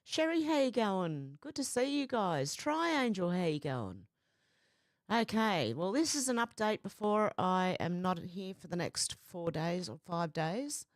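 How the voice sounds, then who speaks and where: Chatty woman, slightly croaky. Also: lowish voice, big pitch swings, a little slow, no room sound, clean studio sound. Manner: chatty, greets viewers by name. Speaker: livestream host. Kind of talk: casual livestream chat. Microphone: headphones with mic.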